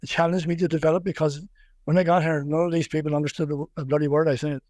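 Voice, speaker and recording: Wexford Irish man, higher voice, dry sound. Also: little pitch movement, fast talker, darkish tone, dry recording. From Ireland. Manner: rambling, many restarts and repeated words, laughs easily. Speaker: boxing coach, guest. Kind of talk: casual podcast interview.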